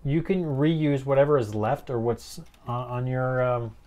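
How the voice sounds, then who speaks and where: Soft-spoken man reading out viewer comments. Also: mid-range voice, a little slow. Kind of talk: casual live stream chat.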